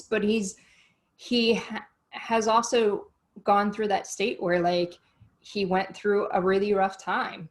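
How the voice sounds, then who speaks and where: Woman host just chatting, heartfelt and rambly, mid pitch. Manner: earnest, rambling and emotional. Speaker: podcast host. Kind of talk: casual chat.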